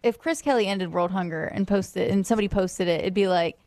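A woman co-hosting a radio show, giving quick, emphatic opinions in casual banter. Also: mid-range voice, a little mellow.

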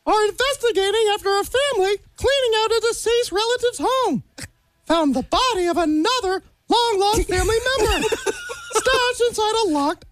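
A radio host doing a Mickey Mouse impression: a squeaky cartoon mouse reading news headlines and giggling between words. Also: very animated, normal speed, fairly bright tone, slight background noise, full character voice. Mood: giggly.

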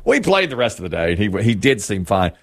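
A man with a lowish voice speaks fairly quickly as a co-host in a casual storytelling chat. He's an animated teller of a funny anecdote, acting out what people said and laughing often.

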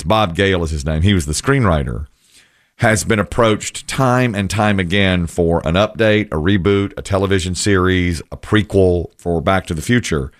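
A man's voice: sits low, dry recording, studio quality. A middle-aged man hosting a casual talk show, chatty and rambling with wry asides. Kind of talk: casual radio-style chat.

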